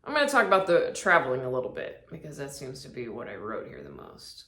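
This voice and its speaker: A woman's voice: very deep voice, huge pitch swings, quick pace, a bit bright, roomy sound. A woman comedian telling casual funny stories, acting out quotes in different voices and laughing often. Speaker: comedian podcast host. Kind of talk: casual storytelling monologue.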